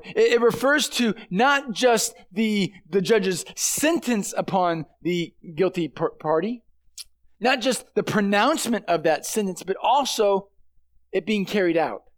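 A man, a pastor, giving a sermon in an earnest, conversational way with emphatic stresses. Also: high-pitched.

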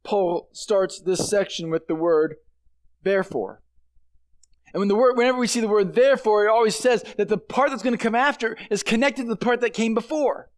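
A man's voice: sits high, a little fast, few pauses. A man, a pastor, giving a sermon in an earnest, conversational way with emphatic stresses.

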